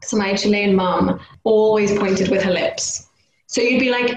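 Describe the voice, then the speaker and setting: A young woman from the UK co-hosting a casual podcast chat, animated and loud when she imitates street sounds. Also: medium pitch, normal speed. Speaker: podcast co-host. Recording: echoey room, faint background noise.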